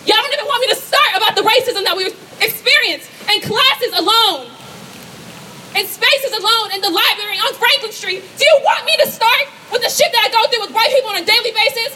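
Speaking a little fast with a very high, sharp voice, a young student gives an impassioned protest speech at an outdoor campus rally, challenging the crowd with rhetorical questions. The rally sound system carries her, but she sounds distant through the crowd and noise.

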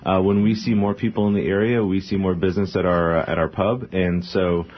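Low-pitched and flat, a man who runs a brewery answers questions on a radio show. His earnest, rapid talk is full of "uh"s, and the audio sounds dull and lo-fi.

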